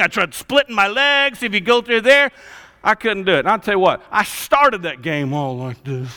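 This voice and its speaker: A man preaching a sermon, telling stories in an animated, casual way. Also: extremely high pitch. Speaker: pastor. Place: church hall. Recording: reverberant church hall.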